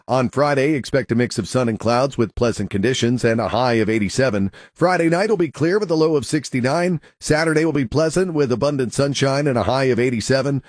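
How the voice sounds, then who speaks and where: A man's voice: medium pitch, a little mellow, no echo, studio quality. Man reading a radio weather forecast. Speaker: meteorologist.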